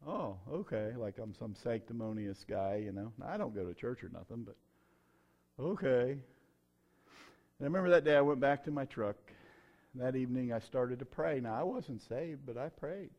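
A middle-aged man, preaching his own testimony in a folksy, emphatic way with sudden loud bursts. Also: medium pitch, normal speed, highs cut off. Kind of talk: sermon testimony.

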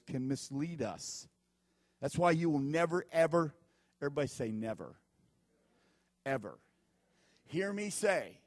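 A man's voice: fairly high pitch, no echo, studio quality. A man preaching a sermon as pastor, telling folksy stories and repeating his warnings with emphasis.

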